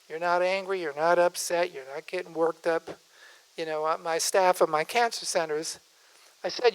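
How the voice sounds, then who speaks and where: Older male doctor at a lectern, folksy and digressive, with a smooth, resonant voice. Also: on the high side, moderate pace, poor audio. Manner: folksy, digressive, self-interrupting. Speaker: physician giving a speech. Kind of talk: conversational public speech.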